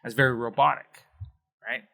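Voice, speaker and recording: A man's voice: mid-range voice, steady tone, normal speed, creaky, bright, forceful tone. A man teaching a Spanish lesson on video, explaining with emphasis and sounding out words syllable by syllable.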